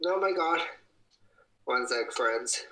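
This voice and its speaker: Livestreaming from his home kitchen, a young man chats casually into a phone held at arm's length. He's excitable and gushing, breaking into high squeals, though his pace is slow and the audio is poor.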